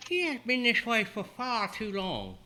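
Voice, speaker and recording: A man's voice: high voice, wildly swooping pitch, a little slow, heavy background noise, voice pushed up, heavily acted. A man voicing an elegant, affectionate sorceress in a tabletop game; she speaks grandly and calls everyone darling. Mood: gracious.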